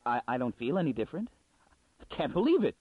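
A man's voice: huge pitch swings, normal speed, dry recording. A man reading the part of a nervous male librarian who stammers and rises into shrieks. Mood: panicked. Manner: hesitant, breaking into high shrieks. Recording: dry, phone-like narrow sound.

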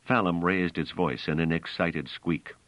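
A man narrating an audiobook in a measured, expressive reading style. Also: low voice, no echo, lo-fi sound. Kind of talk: scripted narration.

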